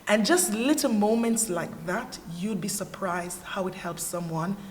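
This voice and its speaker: Her pitch is medium and her pace unhurried, with a little hiss or hum on the track. A Jamaican-accented woman on a panel, she gives a frank, sincere personal testimony with lively storytelling. The sound carries the echo and faint ambience of a church hall.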